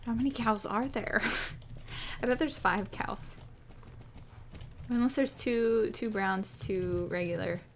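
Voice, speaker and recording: Une jeune femme qui commente sa partie de jeu vidéo avec enthousiasme et s'extasie devant des animaux mignons. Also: female voice, mid-range voice, slow, long pauses, a little hiss or hum. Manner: gushing, squealing over cute animals. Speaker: gaming YouTuber. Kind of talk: excited gameplay commentary.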